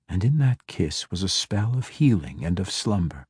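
A man reads a fantasy novel aloud in a steady, measured way. His voice sits very low with a husky grain, and he takes his time. The recording is dry and close, with no room sound. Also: dry recording. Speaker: audiobook narrator. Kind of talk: scripted fantasy narration.

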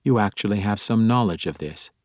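A man voicing a proud elf priestess woman in an audiobook, speaking in a measured, solemn and formal way. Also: lowish voice, a little mellow, dry recording, clean studio sound, close to an everyday voice.

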